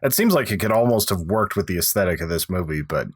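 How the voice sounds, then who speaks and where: A man co-hosting a podcast, adding measured, thoughtful remarks in a casual film chat. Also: low-pitched, animated, husky, dry recording, clean studio sound. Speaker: podcast co-host.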